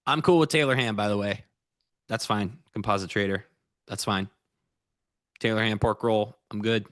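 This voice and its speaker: A man's voice: lowish voice, moderate pace, no echo, clean studio sound. A man co-hosting a live trading stream, joking and chatting casually. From Pennsylvania. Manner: joking, animated storyteller. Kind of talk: casual chat.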